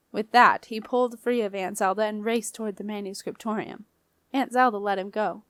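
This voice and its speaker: A woman reading an audiobook aloud in a measured storytelling way. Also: medium pitch, steady tone, a bit bright, no echo, studio quality. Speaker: audiobook reader. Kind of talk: scripted audiobook narration.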